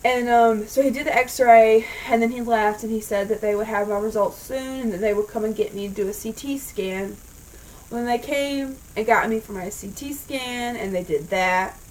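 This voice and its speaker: A woman's voice: a little high, moderate pace, darkish tone. A woman vlogger telling a story in a casual, exasperated and rambling way, swearing freely. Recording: voice a bit far from the mic.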